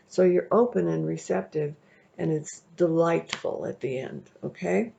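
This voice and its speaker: Gravelly-voiced woman reading tarot. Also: low voice, a little slow, dark tone. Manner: chatty, rambling, checks in with "okay?". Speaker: tarot reader. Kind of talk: casual tarot reading to camera. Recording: dull lo-fi recording.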